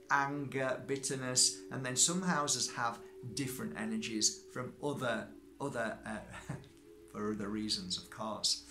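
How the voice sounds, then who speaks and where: A man's voice: mid-range voice, noisy background. A middle-aged man, a crystal energy healer, talking casually to viewers and telling a personal story, often checking in with "okay?". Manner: chatty, checks in with listeners.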